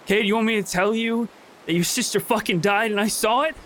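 A man voicing a furious, grieving woman ship captain who shouts raw and bitter, with faint hiss behind. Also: sits high, fast talker, pitched above the performer's own voice. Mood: furious, anguished.

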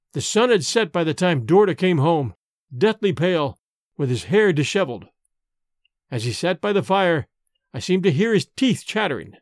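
In a high male voice recorded studio-clean with no room sound, a man gives a dramatic audiobook reading of a gothic story. He is expressive, voicing the characters' lines with feeling.

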